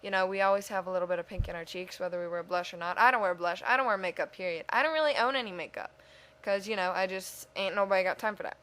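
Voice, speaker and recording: A woman's voice: medium pitch, fast, a bit bright. Chatty woman narrating her speed drawing. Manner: rambling and self-mocking; chatty, talks to herself. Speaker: video creator. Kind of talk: casual voice-over over a speed drawing.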